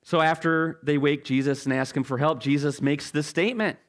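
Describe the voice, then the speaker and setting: A man preaching a sermon as pastor, telling an animated story with halting restarts. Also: fairly high pitch.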